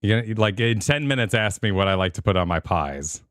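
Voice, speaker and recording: A man's voice: lowish voice, lively intonation, fairly quick, no echo, studio quality. A young man from Virginia with a Virginian accent, co-hosting a podcast in rambling casual chat. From Virginia, USA. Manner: rambling, laughs loudly, trails off. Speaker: podcast co-host.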